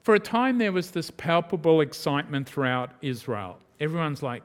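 Emphatic male preacher, slightly high voice. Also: sing-song, normal speed, hardly any pauses, clean tone, big-room sound. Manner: emphatic, dramatic swings of pitch and volume. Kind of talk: sermon.

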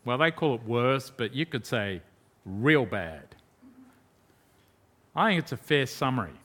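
A man preaching a sermon in an emphatic way, asking rhetorical questions and swinging from loud to hushed. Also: mid-range voice, big pitch swings, a little slow.

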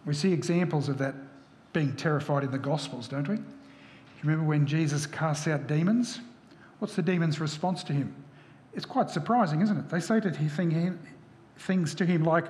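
A man's voice: a little high, normal speed, darkish tone, a little hiss or hum. Man preaching in an echoey hall. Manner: asks rhetorical questions. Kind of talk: sermon.

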